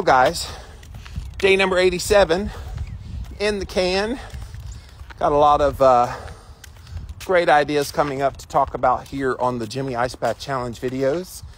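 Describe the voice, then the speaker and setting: A man's voice: a little high, a little slow, pauses often, slight background noise. A man hosting a casual livestream outdoors, talking emphatically and greeting viewers by name, with chickens clucking nearby. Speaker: livestream host.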